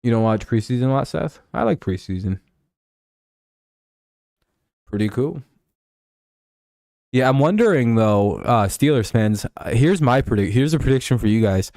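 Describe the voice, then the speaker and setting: A man's voice: medium pitch, expressive, normal speed, long pauses, a little mellow, no echo, studio quality. A man streaming live, talking football in a rambling, profane way with lots of fillers and restarts. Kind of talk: casual live-stream sports chat.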